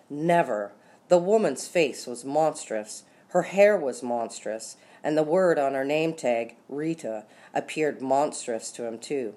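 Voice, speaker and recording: A woman with a very low voice reads a children's story aloud. Her narration is expressive and lively, stretching words out for dramatic effect. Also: slow. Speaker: audiobook narrator. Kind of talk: scripted narration.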